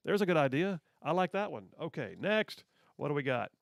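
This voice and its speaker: This conservative talk radio host, a man, reads news stories and teases listeners with sarcastic asides. His voice sits high and swings widely in pitch, quick and laced with vocal fry, in a dry studio-mic recording.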